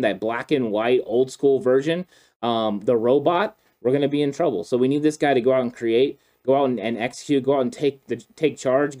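Football co-host dude, mellow warm voice, gets super fired up and emphatic. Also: male voice, medium pitch. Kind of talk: passionate football opinion chat.

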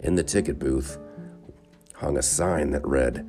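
Calm male narrator for a kids' story, warm and deep. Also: a little slow, long pauses, faint music behind. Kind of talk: scripted children's story narration.

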